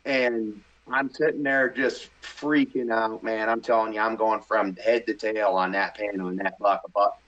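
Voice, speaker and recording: Man, middle-aged, casual storytelling, animated, slightly muffled podcast sound. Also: on the low side, measured pace, hardly any pauses. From Midwest US. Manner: animated, excitable storyteller, acts out his own thoughts. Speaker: hunting show host, podcast guest. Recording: slightly dull podcast audio.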